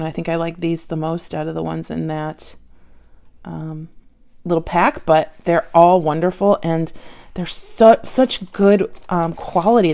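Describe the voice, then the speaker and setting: A woman chatting casually about her bead haul at home, gushing and excited over each find. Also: fairly low pitch. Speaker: bead jewelry vlogger. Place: at home with her dog nearby.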